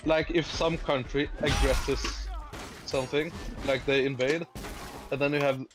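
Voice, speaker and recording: A man's voice: mid-range voice, fairly even intonation, a little slow. A man from Norway, chatting casually while gaming and ranting in an agitated, profane way with many restarts. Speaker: game streamer.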